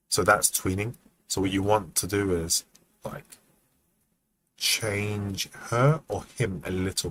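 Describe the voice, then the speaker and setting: A man giving casual feedback on student animation during a livestream, relaxed and chatty, thinking aloud with frequent ums and acting out poses as he explains. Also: on the low side, slight background noise. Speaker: animation mentor reviewing student work.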